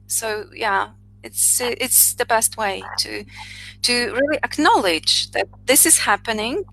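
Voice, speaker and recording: A woman's voice: on the high side, expressive, a little slow, gravelly, sharp tone, soft background music, rough recording. A woman in her thirties with a Polish accent hosting an interview, talking hesitantly with frequent fillers over a video call. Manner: hesitant, many "uh" and "you know". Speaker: interview host, psychologist. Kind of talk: casual conversation.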